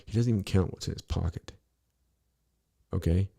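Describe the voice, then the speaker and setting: A low, gravelly middle-aged man talks loosely on a podcast. His voice is dark and a little husky, and he swears freely while circling around his point with constant "you know"s. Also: normal speed. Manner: rambling, blunt and profane, full of "you know". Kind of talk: casual podcast conversation.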